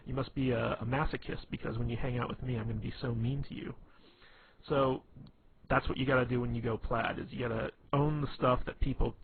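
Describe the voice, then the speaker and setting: A man giving casual dating advice, rambling with lots of fillers, restarts and "you know". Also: medium pitch. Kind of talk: casual instructional talk. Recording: tinny phone-quality recording with faint hiss.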